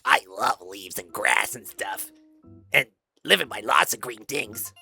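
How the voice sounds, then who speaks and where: A man voicing a gentle male Bulbasaur who loves plants, speaking softly. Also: mid-range voice, expressive, a little slow, gravelly, slightly rough, soft background music, pitched below the performer's own voice, full character voice. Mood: content.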